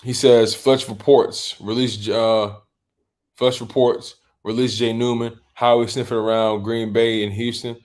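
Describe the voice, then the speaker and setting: A man's voice: medium pitch, flat delivery, measured pace, a little mellow. A man hosting a fan livestream, chatting casually and reading out viewer comments. He rambles, restarts his sentences and keeps saying "man" and "bro", and he sounds a little sleepy. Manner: rambling, repeats words and restarts, loose slang like "man" and "bro"; yawning and a bit sleepy. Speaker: host of a sports livestream.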